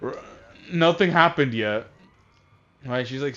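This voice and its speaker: A man casually recapping a movie while playing a game, rambling and halting, often distracted. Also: mid-range voice. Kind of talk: casual chat. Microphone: console voice chat headset. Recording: dull lo-fi voice chat audio.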